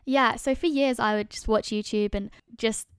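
A woman's voice: on the high side, steady tone, moderate pace, clean tone, no room sound, clean studio sound. A young woman in her twenties with a London accent, chatting as a podcast guest in a friendly, easy-laughing way. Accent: London English. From London, England. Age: 20s. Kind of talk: casual interview chat.

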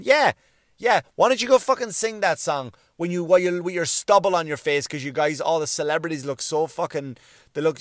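A man doing a profane comic rant, swearing constantly and mimicking people in quick bits. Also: fairly high pitch, fairly bright tone, no room sound, studio quality. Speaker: comedian.

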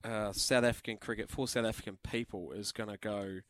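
A man's voice: on the low side, steady tone, brisk, fairly bright tone, no room sound. A man with a New Zealand accent co-hosting breakfast radio, talking things through thoughtfully. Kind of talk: casual radio chat. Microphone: studio mic.

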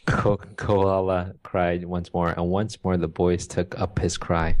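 A man's voice: deep voice, little pitch movement, takes it slowly, hardly any pauses, a little mellow. A man co-hosting a podcast, chatting casually about books and reading passages aloud, laughing often and restarting his sentences. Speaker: podcast co-host. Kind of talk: casual literary chat with read-aloud passages.

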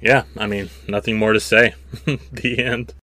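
A man co-hosting a casual podcast, cracking deadpan quips. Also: on the low side, moderate pace, dry recording. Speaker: podcast co-host. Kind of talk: casual chat.

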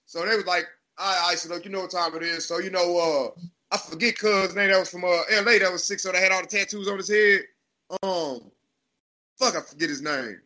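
A man with a Texas accent tells stories in a loose, profane, animated way, acting out the voices of others. His voice sits high and rings very bright and forward. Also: fairly quick. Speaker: podcast host. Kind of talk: casual storytelling chat.

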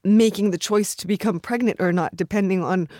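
A woman's voice: medium pitch, fairly quick, darkish tone, no echo. A woman actress speaking earnestly and emotionally in a studio interview, near tears at times. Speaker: actress, guest. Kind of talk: heartfelt interview talk.

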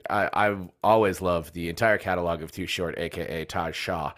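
A man's voice: sits low, steady tone, normal speed, a bit bright. Joking, rambling male podcast co-host. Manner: joking, rambling, laughs often. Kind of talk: casual sports chat.

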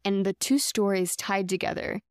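A woman's voice: medium pitch, normal speed, clean tone, no echo, clean studio sound. A woman sharing a heartfelt personal faith story on a podcast, earnest and chatty, with lots of casual fillers. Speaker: podcast co-host.

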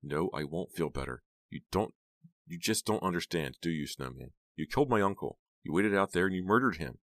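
A man's voice: very deep voice, moderate pace, no room sound. A man voicing an upset, frightened teenage girl in an audiobook reading, pleading and crying out. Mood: distraught. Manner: pleading, upset, rising to cries. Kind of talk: audiobook character voice.

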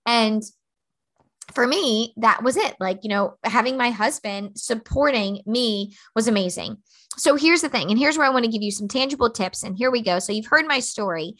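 A woman's voice: fairly high pitch, expressive, normal speed, fairly bright tone. Blunt, emphatic woman podcast host. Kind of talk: motivational podcast monologue.

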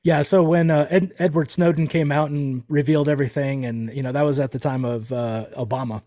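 A man's voice: medium pitch, fairly even intonation, fairly quick, warm tone, dry recording, clean studio sound. A man in casual chat, easygoing and agreeable, laughing often.

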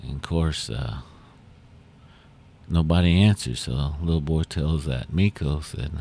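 A man hosting a podcast who tells a story in an unhurried, folksy way with fillers. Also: extremely low pitch, warm tone. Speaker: podcast host. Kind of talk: oral storytelling.

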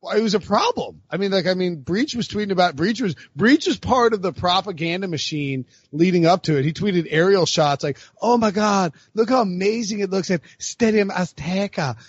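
A man's voice: sits high, lively intonation, a little fast, few pauses, slightly rough, no echo, lo-fi sound. A man hosting a casual sports podcast, rambling with lots of fillers and laughing as he talks. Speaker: podcast host.

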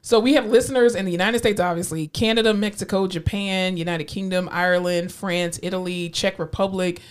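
A woman co-hosting a podcast in casual chat, chatty and quick to laugh, swearing freely. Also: fairly low pitch, steady tone, clean tone. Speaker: podcast co-host.

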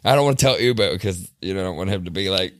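A man's voice: low voice, rapid-fire, no room sound. A man playing in a tabletop game, joking and laughing with restarts. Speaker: player. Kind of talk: casual tabletop game chat.

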